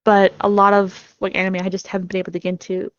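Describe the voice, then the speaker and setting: A woman's voice: mid-range voice, monotone, quick pace, dry recording, muffled recording. A woman chatting casually as a podcast guest, rambling and laughing while she tells stories. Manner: rambling, giggly, acts out her own reactions. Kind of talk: casual chat.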